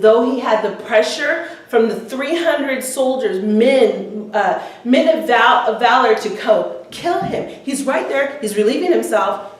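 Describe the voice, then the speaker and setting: A woman teaching a women's Bible study, retelling scripture in casual everyday words with frequent ums. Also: on the high side. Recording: echoey room, voice from far off the mic.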